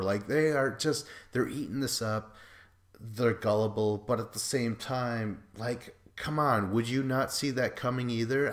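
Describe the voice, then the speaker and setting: A man's voice: mid-range voice, slow. A young man hosting a podcast, rambling through a casual, profane recap and mimicking the people he quotes. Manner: profane, rambling, acts out quotes in mocking voices. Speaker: podcast host.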